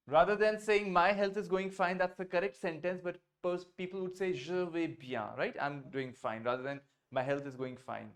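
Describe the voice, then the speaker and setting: A somewhat high-voiced man with an Indian English accent runs an online French class for beginners via video call. Patiently, he drills phrases at a slow pace, says them again, and alternates between French and English.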